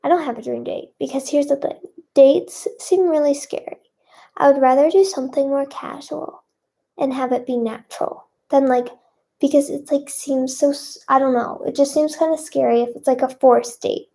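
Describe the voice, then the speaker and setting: A woman's voice: high voice, fairly even intonation, normal speed, vocal fry, warm tone. A young woman singer answering fan questions in casual chat, bubbly and self-conscious, with many fillers.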